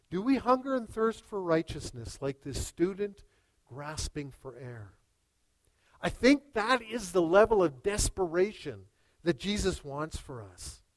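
A man preaching a sermon who tells stories dramatically, dropping to hushed lines and rising to loud, urgent ones. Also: a little high, dry recording, poor audio. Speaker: pastor.

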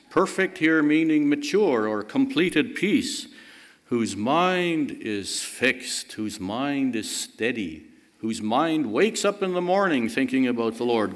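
A male preacher delivers a sermon at an unhurried, measured pace. He leans on repetition to drive his points home, and his voice sits at an ordinary pitch. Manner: emphatic, repeats key phrases for stress.

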